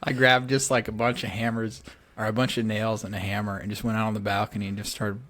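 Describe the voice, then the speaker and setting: Young male podcast co-host with a low voice and dry, joking delivery. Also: flat delivery, fast talker, fairly bright tone. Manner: dry, wisecracking banter. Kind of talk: casual chat.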